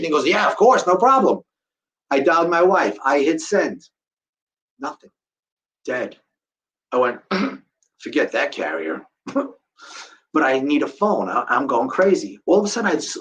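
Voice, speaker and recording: Animated man telling a story. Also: fairly high pitch. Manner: animated, acts out each quoted exchange. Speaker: guest speaker. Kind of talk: live storytelling talk to an audience.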